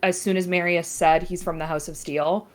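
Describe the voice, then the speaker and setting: Woman, tabletop player, hesitant, filler-heavy, lower pitch. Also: steady tone, moderate pace. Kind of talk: casual tabletop play.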